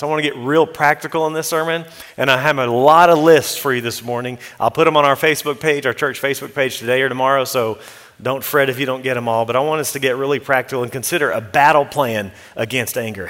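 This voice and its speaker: A man's voice: medium pitch, a bit bright, in a large hall. A man, a pastor with young children, preaching an earnest, practical sermon and quoting scripture as he goes. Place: church sanctuary.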